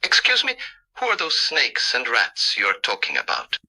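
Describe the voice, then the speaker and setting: A man's voice: mid-range voice, huge pitch swings, normal speed, bright, forceful tone, heavily acted, poor audio. A man voicing a cheerful, bossy male cardinal bird who brags about keeping watch. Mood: puzzled. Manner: boastful, tough-talking.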